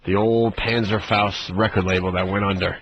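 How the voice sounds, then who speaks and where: A man's voice: sits low, steady tone, normal speed, a bit bright, a little hiss or hum. Brash male radio host, muffled broadcast. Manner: brash, profane. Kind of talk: casual radio banter.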